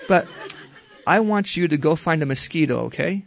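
A man teaching a group how to read the Bible, talking in a relaxed, conversational way and slowly repeating verses. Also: fairly high pitch, vocal fry. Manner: relaxed, conversational, slow careful repetition.

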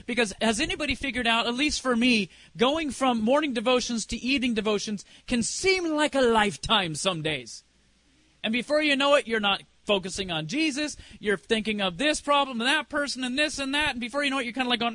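A man's voice: sits high, animated, moderate pace, sharp tone, dry recording. A middle-aged man preaching a sermon as a preacher and singer, telling a personal story in a conversational way and asking the congregation questions.

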